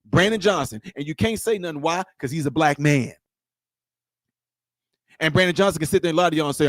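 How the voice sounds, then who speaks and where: A man holds forth in a heated political rant to his viewers. His voice sits high for a man and is captured in a dry, close space with no room sound. He talks confrontationally, circling back to the same lines and challenging the listener with question after question. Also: a little fast, dry recording. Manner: confrontational, repetitive, rhetorical questions. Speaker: political commentator.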